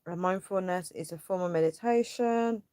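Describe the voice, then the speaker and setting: A woman's voice: fairly low pitch, moderate pace, mellow, clean tone, no room sound, clean studio sound. A young woman hosting a casual livestream. She reads viewers' comments aloud and vents her frustration in a rambling way, with lots of fillers. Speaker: livestream host.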